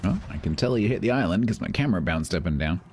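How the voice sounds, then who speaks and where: A male streamer with a deep, low voice talks his viewers through a match in loose, casual chat. His delivery swings widely up and down as he jokes and teases himself. The banter stays playful and chatty throughout. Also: lively intonation, fast talker, darkish tone, slight background noise. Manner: playful, chatty, self-mocking. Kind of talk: casual gaming stream commentary.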